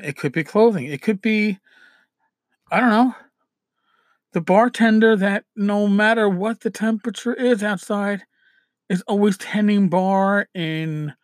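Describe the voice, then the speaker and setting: A man with a rather high voice talks through tabletop game-mastering tips in a loose, rambling way, repeating himself and poking fun at himself as he goes. The sound is dry and close, with almost no room in it. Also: no echo. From New York City. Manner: rambling, self-deprecating, with frequent restarts. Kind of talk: casual advice talk.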